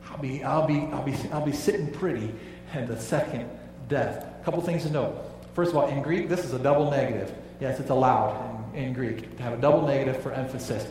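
A man preaching a sermon, emphatic, dropping low and quiet on key phrases. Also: distant mic, a little hiss or hum. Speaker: pastor. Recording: echoey hall, voice from off-mic.

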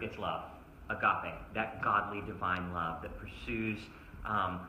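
Sharp-voiced man preaching in an echoey room. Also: lowish voice, a little hiss or hum. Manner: emphatic, full of rhetorical questions. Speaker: pastor. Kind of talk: sermon. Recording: roomy echo.

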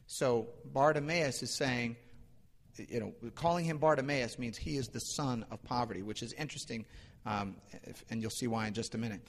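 A man preaching a sermon in a conversational, storytelling way, with frequent restarts. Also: mid-range voice. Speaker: pastor. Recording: long hall reverb.

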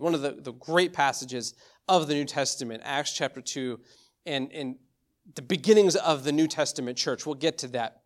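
A young adult man preaching a sermon, telling family stories in an animated way with frequent restarts. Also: on the high side, moderate pace. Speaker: pastor.

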